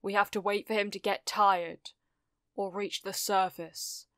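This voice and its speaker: A woman voicing a stern, serious male hero teacher who speaks gravely in short, clipped lines, for a fan fiction audiobook. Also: medium pitch, level tone, measured pace, a bit bright, dry recording, clean studio sound, natural voice.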